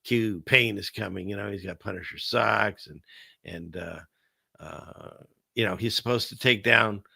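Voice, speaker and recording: A man hosts a casual commentary stream in a gravelly, bright-edged voice, rambling from point to point with sarcasm. His sound is dry and close, with no room around it. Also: fairly low pitch, a little slow, no echo. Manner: rambling, sarcastic, laughs between remarks. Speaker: host of a political commentary stream.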